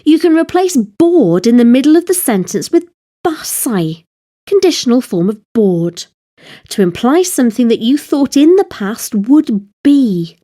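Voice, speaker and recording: A woman narrating a scripted language lesson, explaining grammar slowly and carefully, step by step. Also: on the high side, sing-song, warm tone. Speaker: Welsh language teacher.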